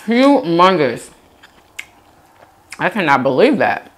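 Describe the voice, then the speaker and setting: Woman mukbang host, slow and drawling, very animated pitch, casual chatter to viewers between bites. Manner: chatty, animated, says "y'all" a lot, chewing sounds. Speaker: mukbang vlogger. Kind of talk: casual eat-with-me chat.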